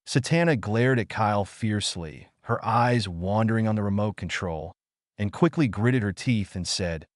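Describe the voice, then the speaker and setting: A man narrating a fiction audiobook in a low voice, with a lively, rising and falling delivery. The sound is dry and close, with no room around it. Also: moderate pace, no echo. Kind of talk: scripted narration.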